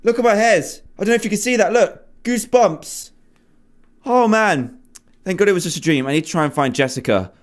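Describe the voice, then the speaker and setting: A man's voice: high-pitched, fairly quick. A young man hosting a horror game playthrough, jumpy and exclaiming as he talks to himself and his viewers. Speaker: gaming video host. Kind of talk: let's play commentary.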